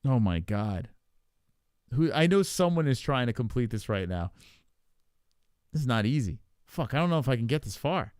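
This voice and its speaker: A man's voice: medium pitch, expressive, a little mellow, clean tone, no room sound. Swearing, muttering man, dry sound. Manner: swears a lot and thinks aloud, muttering; halting, with many fillers and repeats. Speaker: podcast host. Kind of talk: casual chat while playing an online quiz.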